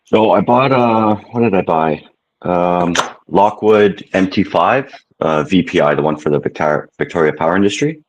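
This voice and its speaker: A man's voice: deep voice, animated, normal speed, a little hiss or hum, rough recording. A man from Canada chatting on a video call, easygoing and rambling as he thinks aloud. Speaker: stream guest. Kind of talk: casual chat.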